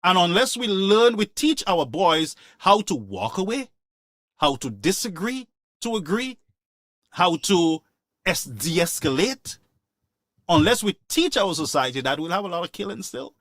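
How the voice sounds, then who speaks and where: A man's voice: high-pitched, big pitch swings, measured pace, fairly bright tone, no echo, clean studio sound. A man hosting a call-in show, talking in an impassioned, preachy way and repeating his points for emphasis. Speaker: radio call-in show host. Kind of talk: opinionated call-in talk.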